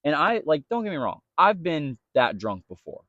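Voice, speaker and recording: A man's voice: a little high, normal speed, dry recording, phone-quality sound. A young man co-hosting a podcast, telling a story in casual chat and quoting people along the way. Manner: storytelling, animated quoting of others. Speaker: podcast co-host.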